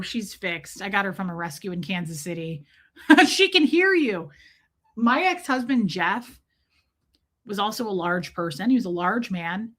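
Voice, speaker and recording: A woman with a fairly high, fairly bright voice hosts a casual livestream. She chats, reads comments aloud, and baby-talks to her dogs.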